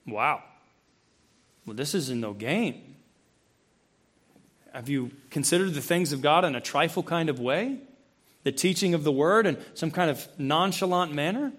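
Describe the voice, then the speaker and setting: A man with a high, light voice preaches a sermon into a close microphone. He throws questions at his listeners and acts out voices. His delivery swings from loud, high emphasis down to low, quiet intensity. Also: lively intonation, brisk. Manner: acts out quoted voices and asks the congregation questions. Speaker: pastor. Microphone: handheld or stand mic, close.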